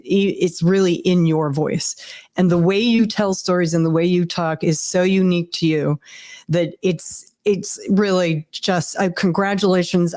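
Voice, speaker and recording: A woman co-hosting a podcast, chatty and quick to laugh as she praises a guest. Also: on the low side, darkish tone. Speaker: guest co-host. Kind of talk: casual interview chat.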